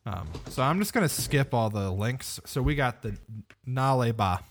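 A man's voice: mid-range voice, lively intonation, normal speed, a little hiss or hum. A man co-hosting a podcast in casual chat, rambling and hesitant, laughing often. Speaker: podcast co-host.

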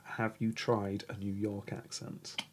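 A man's voice: on the low side, little pitch movement, slow pace, a little hiss or hum. A man co-hosting a casual chat, teasing and laughing often. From England. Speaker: podcast co-host.

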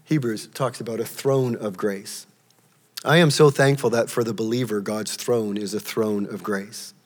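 A man preaching a sermon in a church, emphatic, his voice jumping high as he acts out quotes. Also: fairly even intonation, moderate pace, big-room sound. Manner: emphatic, rising to a high pitch when acting out quotes. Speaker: pastor.

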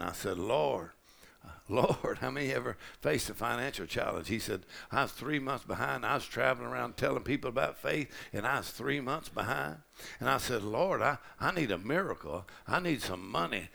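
A middle-aged man preaching a sermon in a large church, building from easy storytelling to shouted declarations. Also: medium pitch. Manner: rising to shouted declarations with a gravelly voice.

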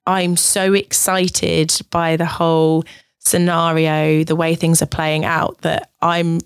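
A woman's voice: deep voice, flat delivery, slow, clean tone, no room sound, studio quality. A woman, a podcast guest in candid casual chat, giggly and self-conscious with many fillers.

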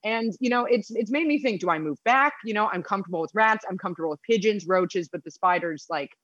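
An American woman telling stories in a casual podcast chat, profane and animated, recording from her apartment. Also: medium pitch, quick pace, no room sound, lo-fi sound. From United States. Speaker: podcast guest. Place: apartment in London.

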